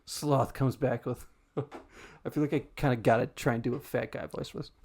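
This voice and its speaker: A man's voice: medium pitch, fairly even intonation, moderate pace, gravelly, darkish tone. A man hosting a podcast, casually recapping a story, laughing often and swearing in a self-deprecating way. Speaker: podcast host.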